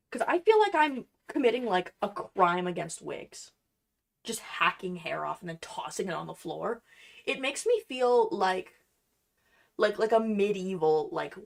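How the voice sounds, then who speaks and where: A woman's voice: mid-range voice, creaky. A young woman chatting casually on a livestream while she crafts at home, playful and self-deprecating. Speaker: cosplay streamer.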